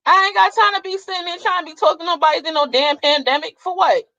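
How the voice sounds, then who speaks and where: A woman's voice: very high-pitched, quick pace, pushed and bright, dry recording, highs cut off. A young adult woman vlogger in a blunt, profane, fiery casual rant to her viewers. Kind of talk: casual ranting monologue.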